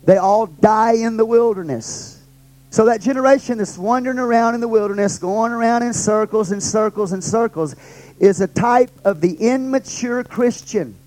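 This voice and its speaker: A male pastor with a notably high voice teaching a Bible study. He presses each point through repetition and rhetorical questions to his listeners. He sounds middle-aged. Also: normal speed, a little mellow, poor audio.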